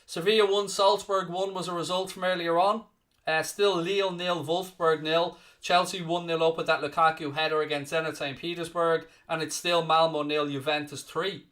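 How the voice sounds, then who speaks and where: An Irish man with a Dublin-area accent hosts a live football watchalong, his voice bright and forceful. He teases and mock-scolds viewers over their comments. He reads out the latest scores like a presenter, at a slightly higher pitch than most men. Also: level tone, normal speed. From Ireland. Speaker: watchalong host.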